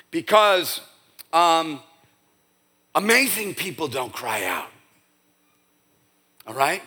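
A middle-aged man preaching a sermon as pastor, conversational, dropping to a hush and then rising to emphatic peaks. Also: fairly high pitch, husky. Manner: conversational, swinging between hushed and emphatic. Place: church.

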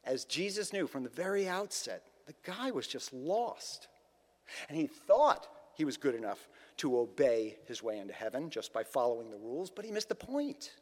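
Male pastor, conversational storyteller, very animated pitch. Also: moderate pace, in a large hall. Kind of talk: sermon.

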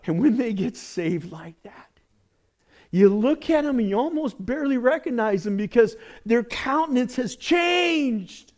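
A male pastor preaching a sermon with lively delivery, moving between loud exclamations and quiet, hushed asides. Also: sits high, normal speed.

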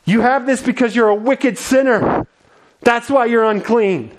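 A preacher voicing an angry crowd that shouts accusations at an outcast. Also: male voice, extremely high pitch, measured pace, a little hiss or hum, voice pushed up, low-quality recording. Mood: accusing. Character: angry jeering crowd of townspeople.

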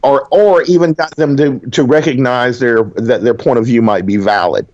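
A Southern American man and writer in casual conversation, animated and rambling with many restarts. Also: medium pitch, moderate pace, lo-fi sound. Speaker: writer, podcast co-host.

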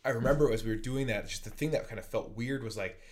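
Thoughtful, halting male co-host. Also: medium pitch. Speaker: podcast co-host. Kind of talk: casual reflective discussion.

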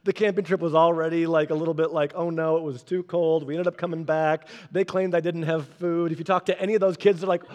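A man preaching, telling a story in an animated way and acting out the quoted people in changed voices. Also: a little high, fast, hardly any pauses. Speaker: pastor. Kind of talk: storytelling sermon. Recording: long hall reverb.

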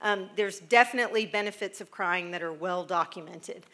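A woman's voice: on the low side, moderate pace, pushed and bright. A middle-aged American woman giving a chatty, humorous talk to a live audience, rambling through asides with frequent laughs. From United States. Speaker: speaker addressing a live audience.

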